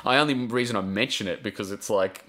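Heartfelt Australian man, low voice. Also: quick pace, bright, forceful tone. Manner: rambling, heartfelt, swears casually, restarts a lot. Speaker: guest journalist. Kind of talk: emotional podcast interview.

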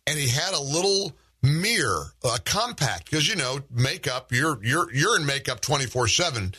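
A man's voice: medium pitch, sing-song, moderate pace, sharp tone, slightly rough. A man hosting a conversational interview, rambling with frequent restarts as he tells anecdotes. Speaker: talk show host.

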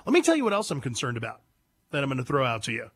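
A man's voice: medium pitch, huge pitch swings, racing, a bit bright. A man hosting a talk radio show, giving an emphatic, indignant monologue into a studio microphone. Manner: emphatic, indignant, takes calls.

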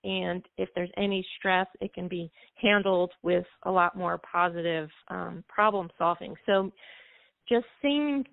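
On a call-in radio interview, an American music therapist with a gravelly edge explains things at length, sometimes singing short song snippets to illustrate. She sounds like a practiced trainer addressing the host, her fairly low voice measured and coming through a tinny, dry phone line without echo.

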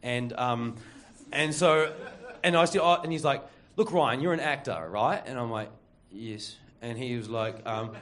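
A man's voice: mid-range voice, unhurried, few pauses, fairly bright tone. A man telling a story live to an audience, rambling with lots of fillers, laughing and acting out other people's voices.

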